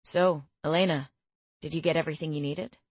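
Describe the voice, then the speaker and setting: Easygoing teen boy, jovial and teasing, a bit low-pitched, read by a woman narrator. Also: brisk, dry recording. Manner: relaxed, teasing.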